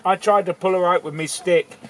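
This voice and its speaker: A man voicing a sad, weeping village girl who speaks slowly and simply. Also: high voice, steady tone, a bit bright. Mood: tearful.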